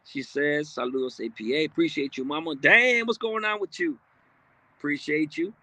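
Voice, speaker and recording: A man's voice: on the high side, normal speed, sharp tone, no echo. A man hosting a livestream, reading viewer comments aloud in a blunt, streetwise, casual way with frequent profanity. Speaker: livestream host.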